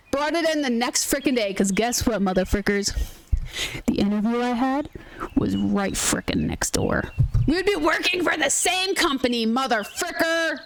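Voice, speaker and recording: A young woman gaming streamer chatting casually, telling an animated story full of quoted dialogue. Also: high-pitched, normal speed. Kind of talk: casual chat while gaming.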